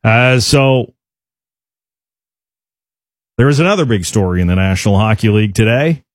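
A man's voice: on the low side, expressive, moderate pace, dry recording, studio quality. A man hosting a sports radio show, talking in an emphatic, indignant way with frequent restarts. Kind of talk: opinionated sports talk.

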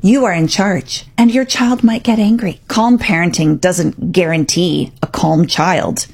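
A woman's voice: lowish voice, unhurried, creaky, a little mellow, husky. A woman hosting a radio talk segment as a parenting coach, speaking directly and emphatically. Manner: direct, emphatic, acts out parent and child quotes.

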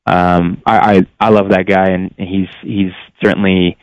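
Man, young adult, football player, earnest, hunting for words, smooth voice, dull lo-fi line. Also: low-pitched, flat delivery, a little slow, no echo. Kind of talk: radio interview guest.

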